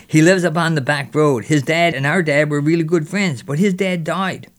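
A man voicing a mischievous boy who spins a lively tale in local dialect. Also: fairly high pitch, normal speed, lightly acted. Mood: boastful. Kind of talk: character storytelling.

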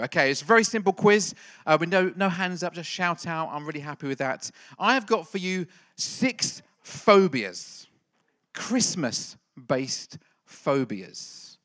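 A man's voice: a little high, fairly bright tone. A middle-aged male pastor giving a playful, jokey church talk and quizzing the congregation. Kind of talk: lively church talk with a quiz.

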